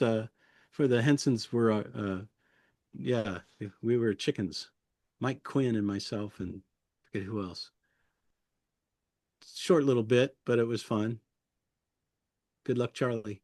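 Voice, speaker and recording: A man's voice: medium pitch, unhurried, pauses often, a little mellow, dry recording, clean studio sound. A man who works as a puppeteer, chatting casually as an interview guest, chuckling often and rambling loosely through his memories.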